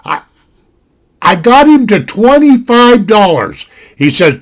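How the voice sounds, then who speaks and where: An older man from Montana with a high-pitched voice spins a casual story at his desk. He rambles in a folksy way and keeps dropping "you know" asides. It sounds like a desktop mic in a home setting. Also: very animated, takes it slowly. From Montana, USA. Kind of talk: casual spoken anecdote.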